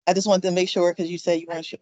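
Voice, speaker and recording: A woman's voice: fairly low pitch, flat delivery, racing, a little mellow, dry recording, highs cut off. A woman chairing a commission meeting, calling roll in an informal, upbeat way with plenty of fillers. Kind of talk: running a meeting roll call.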